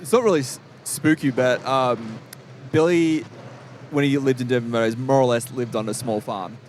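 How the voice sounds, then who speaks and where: A man's voice: medium pitch, normal speed, a little mellow, slight background noise. A man co-hosting a podcast, chiming in with short reactions and prompting his co-host's stories in casual chat. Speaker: podcast co-host.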